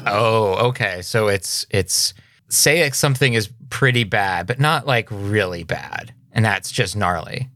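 A man co-hosting a casual chat, asking probing questions in a dry, deadpan way. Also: on the low side, a little slow, no echo.

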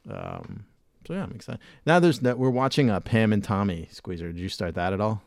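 A man's voice: on the low side, sing-song, brisk, creaky, no room sound, clean studio sound. A man hosting a podcast, talking in a rambling, laid-back way with casual swearing. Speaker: podcast host. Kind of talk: casual chat.

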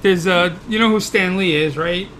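A man chatting casually, telling animated, jokey anecdotes. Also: high voice, moderate pace, slight background noise. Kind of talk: casual chat.

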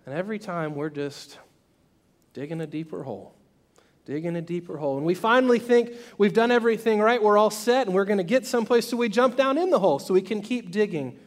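A man preaching a sermon, telling a story and acting out its voices, swinging between loud and soft. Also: sits high, fairly quick. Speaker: pastor.

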